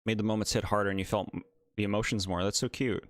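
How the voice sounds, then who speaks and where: A man's voice: fairly low pitch, steady tone, fast talker, dry recording, clean studio sound. A man streaming a game, chatting casually, exasperated and sarcastic, laughing often. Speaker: gaming streamer. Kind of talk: casual live commentary.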